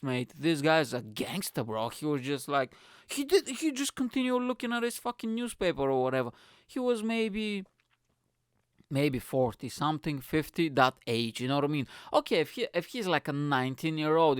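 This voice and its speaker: A man with a slightly high, clear, resonant voice is recorded dry, at studio quality. He hosts a comedy podcast, launching into an animated, profane, casual monologue full of swearing, and often ends lines by calling the listener "mate" or "bro."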